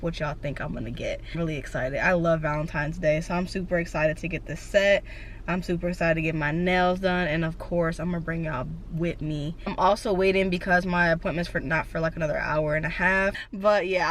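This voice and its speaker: A woman's voice: on the low side, a little hiss or hum. A young woman chatting casually to her camera in a car, gushing and emotional. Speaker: book vlogger. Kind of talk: casual vlog chat. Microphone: handheld camera.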